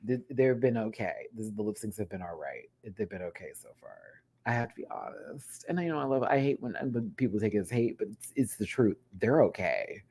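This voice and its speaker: A man ranting through a TV review on his vlog, frank and swearing freely. His delivery is animated, dropping to low mutters and then bursting into loud outbursts, and he scats rhythms out loud. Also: a little fast, few pauses, breathy edge. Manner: frank and profane, scats beats aloud. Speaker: TV review vlogger. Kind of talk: casual rant review.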